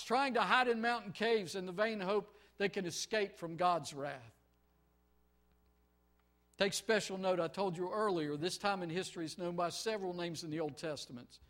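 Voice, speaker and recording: A male preacher delivering an impassioned sermon in a high, bright voice. He swings between shouting exclamations and hushed, earnest pleading. His tone is sharp and forceful throughout.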